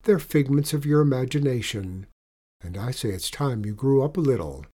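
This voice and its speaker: A stern but loving mother dragon, as a male narrator plays her, lecturing her son in a measured voice. The tone stays warm and dark. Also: mid-range voice, animated, breathy edge.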